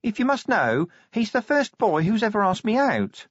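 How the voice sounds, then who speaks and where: A man voicing a sweet, dim, shy young woman, soft and earnest, in a storybook reading. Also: sits high, sing-song, normal speed, no room sound, dull audio, pitched above the performer's own voice.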